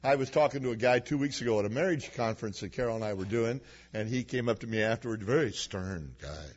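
In a dull lo-fi recording, a male preacher addresses his congregation in church, weaving folksy, humorous personal stories into the sermon. He speaks at a medium pitch and a quick pace.

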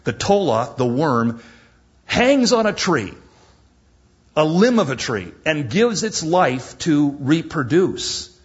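Man, sermon, slow deliberate delivery, husky voice, muffled lo-fi recording. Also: a little high, big pitch swings. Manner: dramatic preaching, slows for emphasis and drops to a near whisper. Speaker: preacher.

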